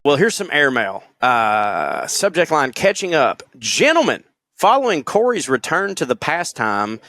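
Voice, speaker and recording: A man's voice: a little high, wildly swooping pitch, a little slow, pushed and bright, no room sound. A man co-hosting a podcast, reading listener emails aloud in a loose, jokey way, laughing and swearing as he goes. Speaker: podcast co-host.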